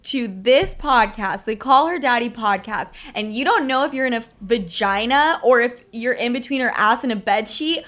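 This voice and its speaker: A woman's voice: a little high, animated, normal speed, hardly any pauses, a bit bright. A young woman co-hosting a podcast, telling stories casually in a rambling way full of fillers. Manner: rambling, filler-heavy storytelling. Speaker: podcast co-host. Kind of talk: casual chat.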